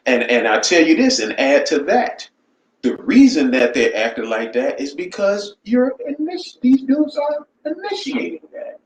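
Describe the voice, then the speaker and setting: A man's voice: sits high, huge pitch swings, a little slow. Blunt man in an echoey room. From United States. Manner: blunt, profane, keeps asking "you know what I'm saying". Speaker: channel host. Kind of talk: casual live-stream chat. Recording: roomy echo, faint background noise.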